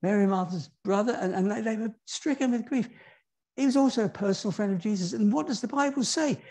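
A man preaches a sermon in a church, his voice mellow and a little husky. He drops to quiet asides and then climbs high on the key words, turning often to the congregation with rhetorical questions. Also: fast.

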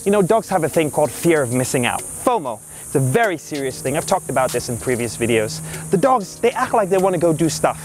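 A dog trainer with a slightly high, sing-song voice talks briskly outdoors in a park, with a little hiss or hum in the audio. In this casual, upbeat instructional vlog, he explains his methods and breaks off in bursts to praise and direct his dog.

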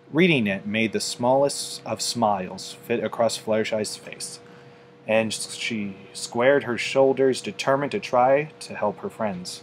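A man narrating a storybook in an unhurried reading voice, with a few small slips. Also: on the low side, a little hiss or hum. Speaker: storybook reader.

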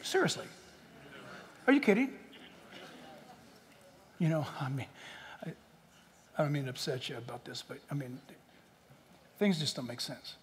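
A man preaching a sermon as pastor in a large church, animated and joking, acting out people in quotes. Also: mid-range voice, normal speed, long pauses, in a large hall, slight background noise.

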